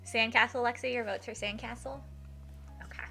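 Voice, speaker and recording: A woman's voice: fairly high pitch, fairly even intonation, normal speed, vocal fry, bright, forceful tone, faint music behind. A young woman streaming a game live, gushing with thanks to her chat and talking in a chatty way full of fillers. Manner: gushing, emotional, many thank-yous.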